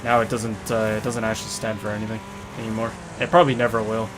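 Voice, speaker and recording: A man giving rambling, excitable commentary while he plays a game, often saying "dude", on a desk mic near a noisy computer. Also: on the low side, fast talker. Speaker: gamer. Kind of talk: casual gameplay commentary. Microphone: desktop mic near a noisy computer. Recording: loud racing game sounds behind voice.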